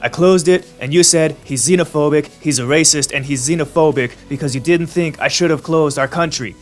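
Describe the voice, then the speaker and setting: Blustering older politician impression, brash and loud, a man putting it on, faint music behind. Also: fairly high pitch, fairly quick, close to an everyday voice. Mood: indignant.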